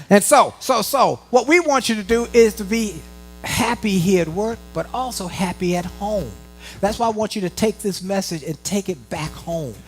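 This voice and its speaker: Middle-aged guy from washington doing a live pep talk to a work crowd, folksy, voice swinging up and down a lot. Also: high-pitched. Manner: animated, folksy, talks straight to the audience. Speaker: motivational speaker. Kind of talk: live motivational speech. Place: conference room before a live audience.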